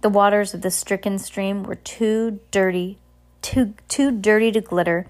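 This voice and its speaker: A woman's voice: mid-range voice, fairly even intonation, unhurried. A young adult woman reading a storybook aloud to her child, casual, with restarts and chatty asides.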